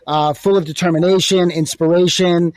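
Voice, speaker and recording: High-voiced rambling male podcast host. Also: steady tone, moderate pace, dry recording, low-quality recording. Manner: rambling, restarts, laughs often. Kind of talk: casual podcast chat.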